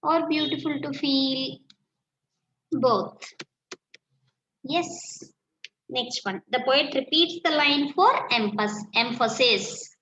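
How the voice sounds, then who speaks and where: A woman teacher with an Indian English accent, slowly dictating answers in a class lesson and repeating phrases as she writes. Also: sits high, sharp tone. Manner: slow, repeats phrases while writing answers. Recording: echoey room, dull lo-fi sound, faint noise.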